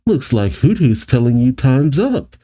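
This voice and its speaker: A man's voice: mid-range voice, sing-song, unhurried, mellow, pitched above the performer's own voice. A man voicing a cocky, mischievous boy trainer with a smug, playful manner.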